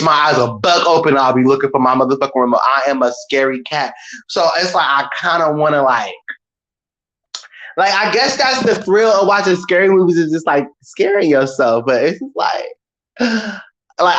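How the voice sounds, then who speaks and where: Animated, profane man ranting. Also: a little high, lo-fi sound. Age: about 30. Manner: animated, profane, dramatic, imitates screams. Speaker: vlogger. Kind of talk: casual storytelling rant.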